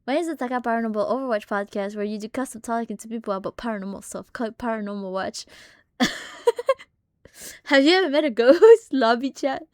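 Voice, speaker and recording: A young woman streamer telling family stories in casual, swear-heavy chat, animated and laughing often. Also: on the high side, a little fast, no room sound, studio quality. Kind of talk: casual storytelling on a live stream.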